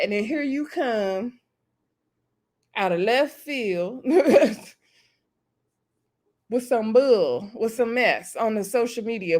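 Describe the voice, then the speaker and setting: A woman casually reviewing a reality TV episode, chatty and conversational, with frequent fillers and animated asides. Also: medium pitch. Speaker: TV show reviewer. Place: home.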